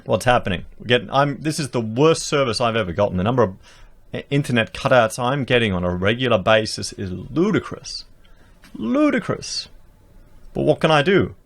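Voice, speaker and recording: A man's voice: medium pitch, lively intonation, brisk. An Australian man giving emphatic, rhetorical political commentary to his viewers, reading out news and reacting to it, recorded close on a podcast mic. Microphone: podcast dynamic mic.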